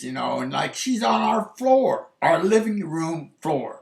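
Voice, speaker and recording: A man telling a personal story in a rambling, halting way, full of restarts, his voice rising sharply when he is incredulous. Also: lively intonation, gravelly. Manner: rises sharply in pitch for incredulous asides. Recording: echoey room.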